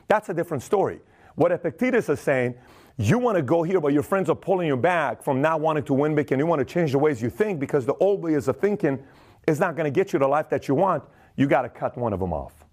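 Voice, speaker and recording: A podcast host with a slightly high, slightly mellow voice gives a casual, emphatic motivational talk in plain language. He often acts out other people's voices.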